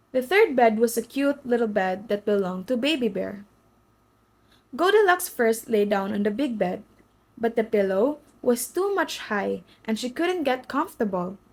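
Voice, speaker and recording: A woman's voice: on the high side, darkish tone, rough recording. A woman reading a children's story aloud as storyteller, with slips and restarts.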